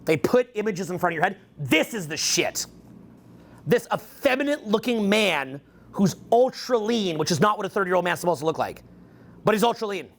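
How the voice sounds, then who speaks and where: A man in his forties holding forth at a live event, his voice pitched high with a gravelly edge. He talks in wild swoops, crude and joking, sliding into mock voices and bursting into shouts. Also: very animated, normal speed, slight background noise. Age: 40s. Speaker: dating coach speaking to a live audience. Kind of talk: rambling stage talk. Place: event hall with an audience.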